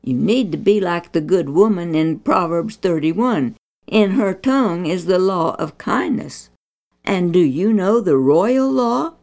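A woman voicing a gentle but firm Christian mother who patiently teaches her son, with a low, slow, gravelly voice. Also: expressive. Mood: teaching. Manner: patient, instructive, mildly scolding.

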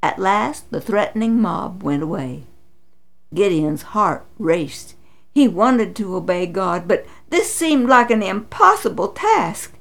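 A woman narrating a Bible story with dramatic, expressive delivery. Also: takes it slowly, vocal fry. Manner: dramatic, voices quotes with big pitch swings.

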